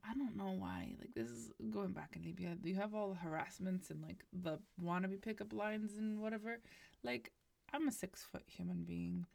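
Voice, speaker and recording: A woman's voice: medium pitch, expressive, normal speed, vocal fry, darkish tone, no room sound. A woman in casual conversation telling anecdotes with a wry, amused manner. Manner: wry storytelling, laughs at her own anecdotes. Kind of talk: casual chat.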